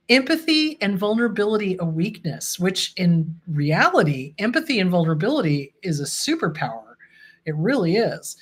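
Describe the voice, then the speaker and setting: A woman's voice: on the low side, breathy edge. Reassuring woman therapist talking to viewers. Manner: warm, reassuring, addresses viewers as "my loves". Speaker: therapist and show host. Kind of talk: casual solo talk to viewers.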